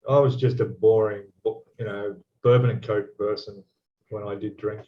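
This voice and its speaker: A man's voice: fairly low pitch, steady tone, moderate pace. An Australian man co-hosting a casual chat, easygoing and chatty, laughing awkward topics off. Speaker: co-host. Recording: dull lo-fi sound.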